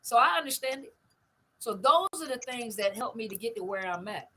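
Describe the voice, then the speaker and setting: A woman's voice: on the high side, lively intonation, a little fast, sharp tone, a little hiss or hum, low-quality recording. A middle-aged woman hosting a casual live stream, talking emphatically, repeating her points and often asking if you see what she means. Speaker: host of a live stream on narcissistic abuse recovery. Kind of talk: casual live stream talk answering comments.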